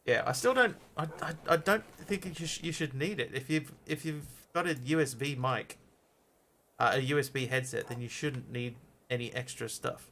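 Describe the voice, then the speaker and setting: A man at a mid-range pitch talks through a live game stream in a relaxed, chatty way. He thinks aloud as he plays and answers questions from his viewers. He speaks close to a headset or desk mic. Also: normal speed, a little hiss or hum. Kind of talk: casual live-stream gameplay chat.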